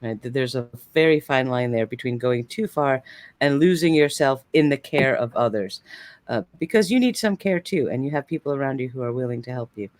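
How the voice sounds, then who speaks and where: A man giving a live-streamed tarot reading in a gentle, reassuring way, with frequent fillers. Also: mid-range voice, expressive, brisk, dry recording. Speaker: tarot card reader.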